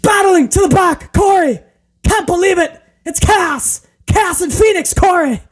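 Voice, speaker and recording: A man doing a mocking impression of a male wrestling commentator who yells in choppy spurts. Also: very high-pitched, measured pace, pitched above the performer's own voice. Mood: frantic shouting. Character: frantic male wrestling commentator shouting in bursts.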